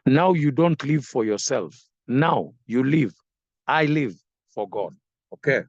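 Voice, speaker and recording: A man preaching a sermon, slow and emphatic, repeating phrases for effect. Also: mid-range voice, animated, no echo, dull audio.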